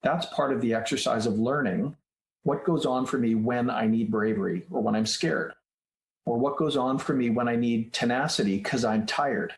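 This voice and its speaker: A man's voice: medium pitch, moderate pace. A man being interviewed on a podcast as a guest author, explaining ideas step by step like a teacher. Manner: explanatory, teacherly, walks through steps. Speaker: guest author, child psychologist. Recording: roomy echoey room sound.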